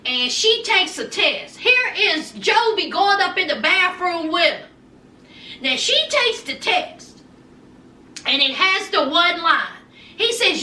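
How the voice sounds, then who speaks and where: A sassy woman chats through a TV recap, her voice very high and lively as it swoops around. She talks slowly and takes her time over each line. She sounds echoey and a little distant from the mic. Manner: sassy, animated storytelling with quoted voices. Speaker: recap vlogger. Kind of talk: casual TV recap chat.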